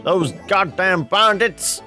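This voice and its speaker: A man reading a game's lines as a belligerent hillbilly man with a loud put-on country drawl. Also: high voice, slow pace, soft background music, voice pushed up, heavily acted. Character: gruff adult man, pickup-truck hillbilly, hostile.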